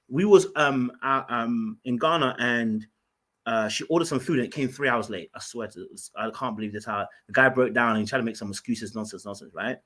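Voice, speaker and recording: A man's voice: mid-range voice, a bit bright. A man hosting a podcast, telling a story in an emphatic, casual way and often restarting and repeating his words. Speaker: podcast host.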